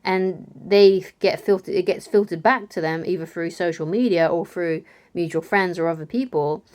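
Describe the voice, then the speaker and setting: A woman's voice: on the low side, normal speed, darkish tone. A woman giving casual relationship advice to camera, chatty, often asking "right?" and laughing lightly. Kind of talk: casual advice video talk.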